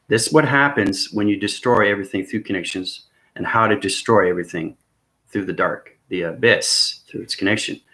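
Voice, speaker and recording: A spiritual vlogger delivers a rambling, intense monologue, his lowish voice carrying a slight brightness. Earnest and intense, he keeps checking in with viewers by asking "okay?" and "right?".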